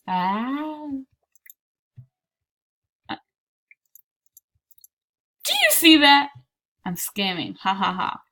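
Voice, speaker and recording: A slightly high-voiced woman gives casual gameplay commentary in a playful, chatty way. She talks slowly, drifting into soft whispered asides, and sounds a little under the weather. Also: wildly swooping pitch. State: slightly sick. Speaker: gameplay video creator.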